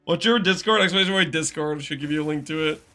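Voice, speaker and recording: Male game streamer, fairly high and very bright tone, chatty live commentary, answers chat as he plays. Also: fast. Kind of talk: casual live-stream commentary while gaming.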